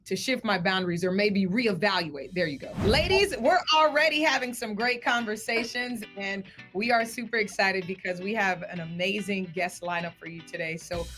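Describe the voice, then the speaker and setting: A woman co-hosting a TV talk show, giving lively, enthusiastic introductions. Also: medium pitch, moderate pace, few pauses, soft background music. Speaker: co-host.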